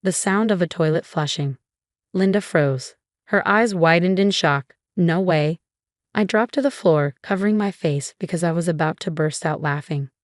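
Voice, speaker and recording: A woman's voice: fairly low pitch, moderate pace, no room sound, studio quality. A woman narrating a first-person story in a wry, amused manner.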